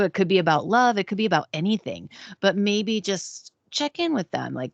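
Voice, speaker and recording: A woman co-hosting a radio show, gently giving spiritual advice in a casual way. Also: fairly low pitch, lively intonation, fairly quick, no room sound. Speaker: tarot reader co-host. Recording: dull lo-fi radio audio.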